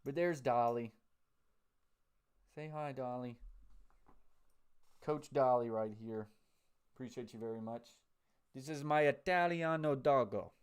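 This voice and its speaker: A man's voice: mid-range voice, measured pace, pauses often, clean tone. A man from Tennessee, hosting a casual live stream with play-by-play calls and chatter to viewers at home. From Tennessee, USA. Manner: chatty, shouts out viewers, excited on big plays.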